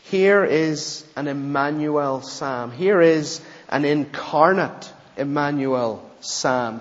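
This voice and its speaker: A male pastor delivers a sermon in a slow, measured, earnest voice that sits slightly high. The sound is dull and muffled, and a long reverb from the church hall follows every word.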